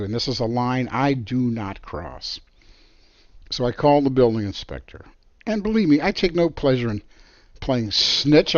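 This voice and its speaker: A man, an architect, telling a story from his career in an animated, emphatic way. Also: medium pitch, no room sound, muffled recording. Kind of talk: storytelling monologue.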